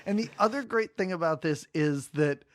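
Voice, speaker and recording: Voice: mid-range voice, expressive, moderate pace, dry recording, clean studio sound. A podcast co-host talking about a favorite film with open enthusiasm and frequent laughs. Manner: enthusiastic, gushing, laughs often. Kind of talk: casual movie-review chat.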